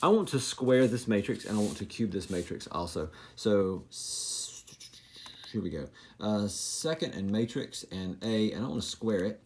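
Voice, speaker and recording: A man's voice: on the low side, expressive, moderate pace, slight background noise. A man teaching a recorded math lesson, making joking, self-deprecating asides while he writes.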